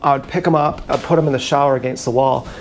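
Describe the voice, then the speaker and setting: A man's voice: medium pitch, fairly even intonation, a little hiss or hum. Rambling, profane man on a livestream. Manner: meandering, profane, halting storytelling. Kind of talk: rambling casual monologue. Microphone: action camera mic.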